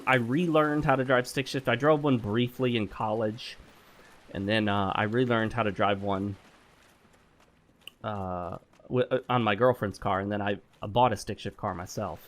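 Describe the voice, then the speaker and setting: A man's voice: medium pitch, a bit bright. Blunt, rambling man talking over gameplay. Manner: blunt, opinionated advice-giving; rambling with frequent fillers and self-corrections. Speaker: gaming channel host. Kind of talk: casual commentary over gameplay.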